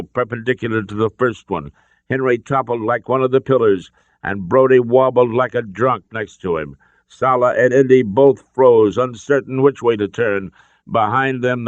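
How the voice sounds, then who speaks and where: A man's voice: lowish voice, no room sound. A man reading an adventure story aloud with dramatic narration. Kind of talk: scripted narration. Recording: dull dry lo-fi audio.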